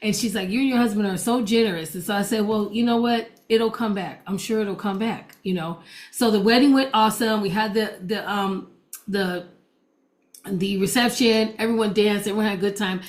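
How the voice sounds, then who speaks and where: A woman's voice: medium pitch, steady tone, moderate pace. A woman preacher and gospel DJ telling a personal testimony to an audience, chatty, acting out the dialogue. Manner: chatty storytelling that acts out quoted dialogue.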